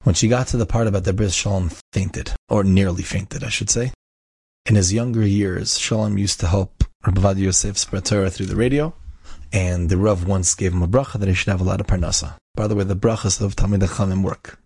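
A man's voice: deep voice, steady tone, fairly quick, a little mellow, husky, dry recording. A man telling an inspirational story, emphatic and repeating key phrases for effect. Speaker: inspirational speaker.

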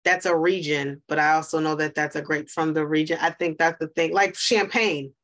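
A woman's voice: deep voice, steady tone, moderate pace, a bit bright. A woman co-hosting a casual podcast, thinking aloud hesitantly about wine. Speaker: podcast co-host. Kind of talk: casual chat.

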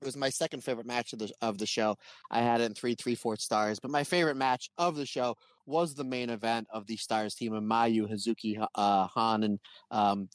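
A man co-hosting a wrestling podcast in casual chat, an animated storyteller who acts out voices in his anecdotes. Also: on the low side, no echo. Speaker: podcast co-host.

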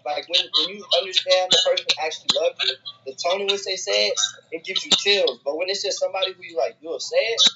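A man in a casual group chat, laid-back and slangy, halting with small restarts. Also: sits high. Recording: dull lo-fi audio, loud noise.

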